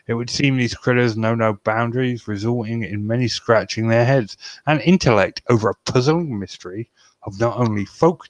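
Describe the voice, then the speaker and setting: A man's voice: lowish voice, dry recording. A man hosting a podcast, reading news aloud and adding wry, sweary asides. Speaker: podcast host.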